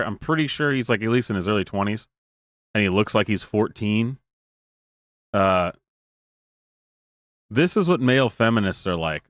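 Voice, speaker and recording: A man's voice: lowish voice, a bit bright, no echo, clean studio sound. A man in his thirties streaming live, reacting to clips with sarcastic, mocking commentary and frequent laughter. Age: 30s.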